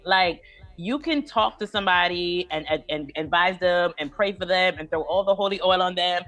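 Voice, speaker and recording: A woman's voice: on the low side, normal speed, fairly bright tone, faint music behind. A woman from New York, a gospel singer guest, talking animatedly and preaching her point with laughs. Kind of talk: casual chat.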